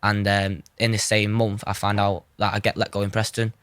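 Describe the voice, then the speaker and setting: A man's voice: lowish voice, level tone, brisk, a bit bright, smooth, dry recording. A young man, a guest telling his story in an earnest, informal way, often saying "you know". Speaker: guest, goalkeeper. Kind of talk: candid interview storytelling.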